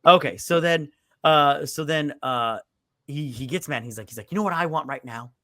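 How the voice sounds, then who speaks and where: A man's voice: a little high, normal speed, bright, forceful tone, no echo, studio quality. A man casually retelling movie scenes on a podcast, rambling with lots of fillers and swearing. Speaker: podcast co-host. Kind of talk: casual movie review chat.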